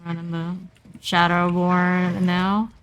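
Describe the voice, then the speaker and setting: A woman streamer giving casual, chatty commentary while playing a game, talking to herself with playful asides and sudden excited squeals. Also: lowish voice, slow pace, clear, resonant tone, lo-fi sound.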